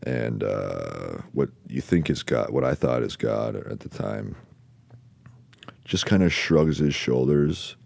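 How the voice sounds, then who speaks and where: This man's voice is a bass, creaky and expressive, recorded dry. As a podcast host telling a personal story, he speaks haltingly with frequent pauses and fillers, curses casually, and lets his sentences trail off into quiet.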